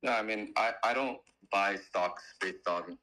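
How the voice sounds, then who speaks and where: Male guest trader, bright tense voice, rambling casual explainer. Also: on the low side, measured pace, low-quality recording. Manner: rambling, many fillers and restarts. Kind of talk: casual trading talk on a call.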